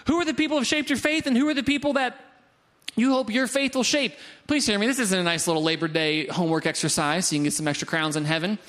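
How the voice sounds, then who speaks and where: A young man preaching a sermon to his congregation in a casual storytelling way, with quick asides and acted-out quotes. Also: high voice, fairly bright tone. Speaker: pastor. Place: church sanctuary before a congregation.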